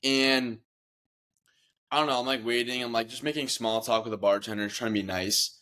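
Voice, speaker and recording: A man's voice: mid-range voice, steady tone, normal speed, sharp tone. A young man co-hosting a podcast, telling a rambling story in casual chat and swearing freely. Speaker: podcast co-host.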